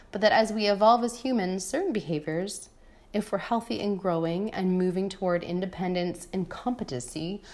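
A woman in her thirties, a mother, reading her own personal essay aloud in a frank, wry and irreverent way. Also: mid-range voice. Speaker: mother of a toddler.

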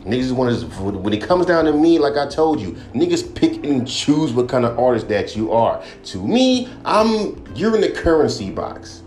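A man's voice: mid-range voice, sing-song, normal speed, hardly any pauses, darkish tone. A young man and rapper hosting a podcast, ranting bluntly with constant swearing and mocking his critics. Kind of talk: profane casual rant. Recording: echoey room with faint music.

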